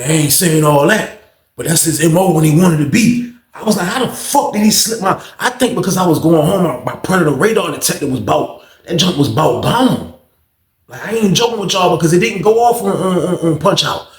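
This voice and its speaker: A man hosts a casual storytime, acting out every voice in the tale with animated energy. His voice sits a little higher than most men's. The room gives it a noticeable echo. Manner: animated, acts out other people's lines. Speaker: storyteller host.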